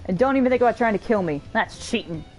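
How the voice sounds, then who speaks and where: A woman's voice: on the high side, expressive, fast talker, soft background music, pitched above the performer's own voice, lightly acted, poor audio. Woman reading a stern, blunt male chief. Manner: blunt, commanding.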